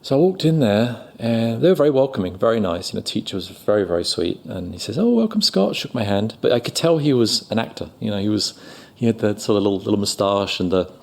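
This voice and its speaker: A man's voice: fairly low pitch, fast talker, gravelly, darkish tone. A middle-aged man with a London accent, a guest actor chatting in an interview, self-deprecating and full of fillers. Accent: London English. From England. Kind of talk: casual interview storytelling.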